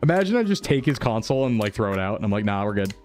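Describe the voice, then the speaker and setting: A man streaming a repair simulator, chatting casually and thinking aloud with excitable bursts. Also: medium pitch, racing, faint music behind. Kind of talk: casual game commentary.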